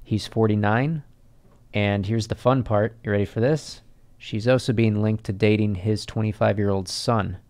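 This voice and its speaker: Guy co-hosting a podcast, lowish smooth voice, dry gossip delivery. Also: steady tone, moderate pace, darkish tone. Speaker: podcast co-host. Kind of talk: casual comedic chat.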